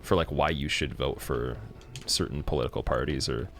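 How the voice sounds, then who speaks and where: A man's voice: a bass voice, moderate pace, fairly bright tone. A man from Canada chatting casually with viewers while streaming a game, rambling with plenty of fillers. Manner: rambling, many fillers and restarts. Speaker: livestreamer.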